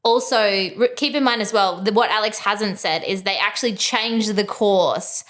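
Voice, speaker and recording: A woman's voice: medium pitch, normal speed, a bit bright. A woman, co-hosting a podcast in casual chat, upbeat and encouraging. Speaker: podcast co-host.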